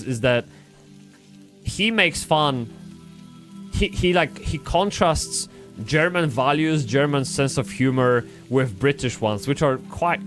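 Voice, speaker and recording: A man chats loosely through a game stream, restarting his sentences and swearing freely. His voice sits at an ordinary middle pitch. Faint music plays in the background. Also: a bit bright. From Poland. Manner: rambling, swearing, frequent restarts. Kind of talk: casual gaming livestream chat.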